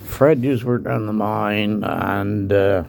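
Gravelly older man, slow yarn. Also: on the low side, steady tone, darkish tone. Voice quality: gravelly, husky. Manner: slow, meandering, salty dialect storytelling. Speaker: storyteller guest. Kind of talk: rambling anecdote telling. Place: hospital room.

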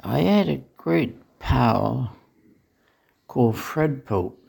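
An older man, telling salty dialect anecdotes slowly from a hospital room. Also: mid-range voice, lively intonation, darkish tone. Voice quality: gravelly, husky. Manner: slow, meandering, salty dialect storytelling. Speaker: storyteller guest.

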